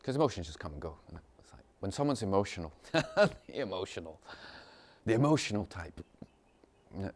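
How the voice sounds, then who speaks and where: A man teaching meditation in a casual, rambling way, repeating phrases, chuckling often and mimicking people in sudden high voices. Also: very animated, a little fast. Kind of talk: informal spiritual talk.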